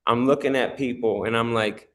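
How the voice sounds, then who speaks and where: A man telling his faith testimony in a casual interview, animated, often laughing and acting out the voices of people in his story. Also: mid-range voice, normal speed. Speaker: interview guest.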